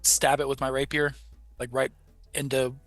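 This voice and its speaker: A man's voice: medium pitch, flat delivery, moderate pace, fairly bright tone, no room sound. A man playing a tabletop game, jumping in eagerly. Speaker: player. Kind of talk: casual tabletop game chat.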